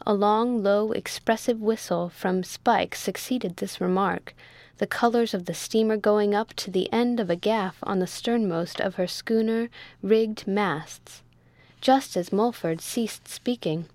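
A woman narrating a classic novel as an audiobook reader, in a steady, even storytelling manner. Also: mid-range voice, a little slow, no room sound. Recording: dry close recording.

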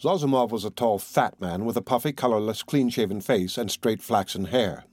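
A man narrating an audiobook of a classic novel in a measured, unhurried reading. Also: lowish voice, darkish tone, dry recording.

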